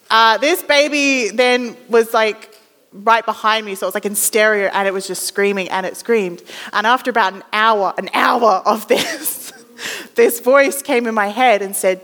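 A woman's voice: medium pitch, fairly quick, a bit bright. A young Australian woman in her twenties telling a chatty, self-deprecating story as a sermon, acting out the voices she quotes. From Western Australia. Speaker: ministry student preaching. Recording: long hall reverb.

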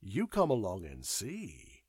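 Man voicing a whimsical gentleman, teasing, lively up-and-down pitch, dry booth sound. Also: slow, husky, no echo, exaggerated voice. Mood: playful. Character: clever, whimsical Englishman, cheerful. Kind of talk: audiobook character voice.

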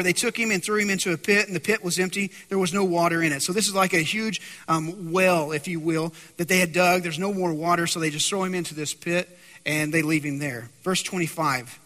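Animated high-voiced preacher in a hall. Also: male voice. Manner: animated storytelling, acting out voices. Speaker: pastor. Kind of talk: sermon.

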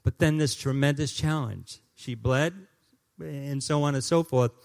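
A man's voice: unhurried, gravelly. A man preaching, putting on a Spanish accent to play a desperate father pleading for help. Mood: alarmed. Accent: put-on Spanish accent. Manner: pleading, high and loud, drawn out. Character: desperate middle-aged Colombian father pleading. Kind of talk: sermon storytelling.

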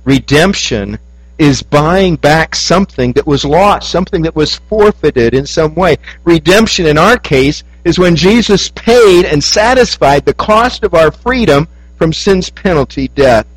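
A man preaching a sermon, telling a story that rises high and then drops soft. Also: animated, unhurried, dry recording, poor audio.

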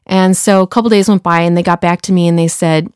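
Animated woman telling a story, dry sound. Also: lowish voice, quick pace, smooth, no echo. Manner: animated, acts out dialogue, many "you know" fillers. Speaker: speaker sharing a personal testimony. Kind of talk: casual spoken storytelling.

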